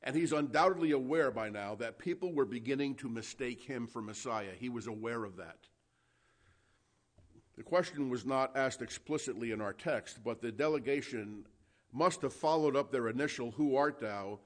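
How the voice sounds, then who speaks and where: A man's voice: mid-range voice, moderate pace. A man delivers a sermon from the pulpit with an ordinary mid-range voice. His preaching is conversational and emphatic, and he reads scripture passages aloud between his remarks. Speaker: pastor.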